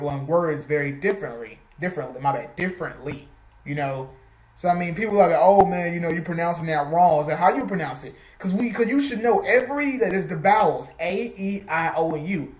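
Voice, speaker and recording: Man, American accent, casual reaction host, rambling, self-correcting, roomy echo. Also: on the high side. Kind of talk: casual reaction video commentary.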